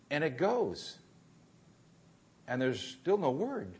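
A man preaching a sermon, telling a story that moves between hushed, quiet passages and rising intensity. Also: on the high side, wildly swooping pitch, slow, long pauses, breathy edge.

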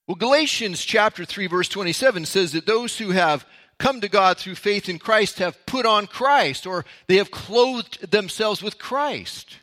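A man's voice: sits high, lively intonation, measured pace, sharp tone. A man, a pastor, giving a conversational Bible teaching that opens with a story from his own life. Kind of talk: sermon-style Bible teaching.

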